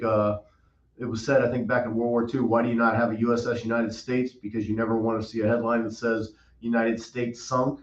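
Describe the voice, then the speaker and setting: Man on an echoey, muffled call line. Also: medium pitch. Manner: measured, explanatory, with frequent fillers. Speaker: guest panelist. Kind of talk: casual panel discussion.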